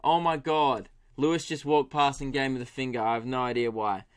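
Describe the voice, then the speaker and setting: A young Australian man hosting a solo comedy podcast, animated, swearing and laughing as he tells stories. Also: medium pitch, fairly quick, smooth. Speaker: podcast host.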